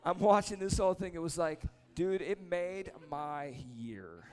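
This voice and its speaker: A man preaching casually, telling a lively story and then praying over people in a church or meeting hall. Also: sits high, unhurried, faint music behind. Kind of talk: sermon with story and prayer.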